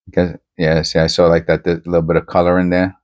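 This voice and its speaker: A man hosting a casual coin-hunting vlog, rambling and excitable, often tacking "man" onto his sentences. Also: sits low, fast talker, slight background noise.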